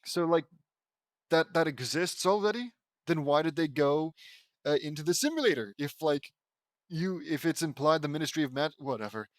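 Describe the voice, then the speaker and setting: A man's voice: fairly high pitch, moderate pace, dry recording, clean studio sound. A young man reading fan fiction aloud and breaking off with sarcastic, bemused comments. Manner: sarcastic, riffing, stumbles and laughs at the text.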